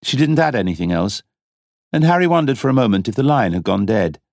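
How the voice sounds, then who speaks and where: A man reading a novel aloud as an audiobook narrator, in a dramatic, expressive style. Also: mid-range voice, brisk, vocal fry, dry recording, clean studio sound. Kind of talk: scripted narration.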